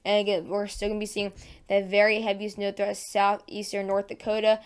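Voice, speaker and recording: A woman's voice: mid-range voice, monotone, a little fast, smooth. A woman hosting a casual weather forecast vlog in her just-woken morning voice, chatty and full of fillers and self-corrections. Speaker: weather channel host.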